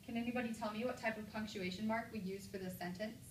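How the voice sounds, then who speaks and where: A woman teacher leads a classroom mini lesson. She gives clear, encouraging prompts and reads example sentences slowly and with exaggeration. She is recorded from a distance in an echoey room, with a light hiss behind. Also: medium pitch, fairly even intonation.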